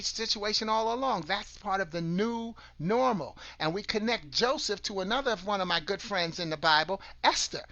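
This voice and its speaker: A man's voice: high-pitched, pushed and bright, dry recording, highs cut off. A man hosting an online broadcast, giving an earnest motivational talk that draws on scripture, often repeating and restarting words and asking listeners questions.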